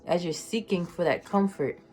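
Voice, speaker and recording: A woman giving a casual tarot reading, emotional and slangy, swinging between loud excitement and soft near-whispers. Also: fairly low pitch, normal speed, faint music behind. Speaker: tarot reader.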